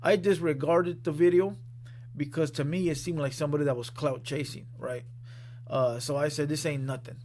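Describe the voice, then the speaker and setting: A man's voice: a little high, steady tone, normal speed, darkish tone, a little hiss or hum. A man hosting a reaction channel from a studio room, giving casual commentary in a blunt, profane, conversational way.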